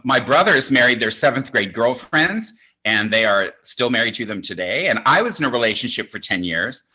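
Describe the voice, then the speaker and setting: A man's voice: mid-range voice, pushed and bright, rough recording. A man in his sixties doing stand-up comedy, telling campy, self-mocking stories. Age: 60s.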